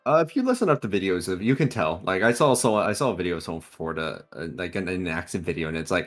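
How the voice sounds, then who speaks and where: Male game master, lowish voice, halting and self-correcting, online session, faint music behind. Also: lively intonation. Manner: hesitant, thinking aloud with restarts. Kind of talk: casual tabletop game chat.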